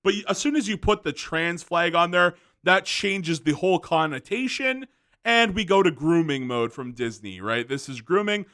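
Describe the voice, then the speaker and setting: A man's voice: a little high, animated, moderate pace, pushed and bright. A man hosting a commentary video, ranting angrily with profanity, fillers and restarts.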